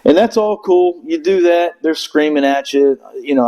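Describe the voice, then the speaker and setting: Give me a middle-aged man telling a profane, meandering story in casual chat, his voice a touch higher than most men's. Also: moderate pace, warm tone, highs cut off. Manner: profane, rambling, acts out quotes in raised voices. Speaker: Marine veteran guest.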